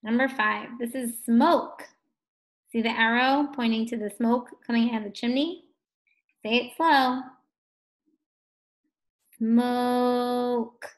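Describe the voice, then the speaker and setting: A woman teaching a phonics lesson to first graders, slow and encouraging, stretching words out for the children. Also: on the high side.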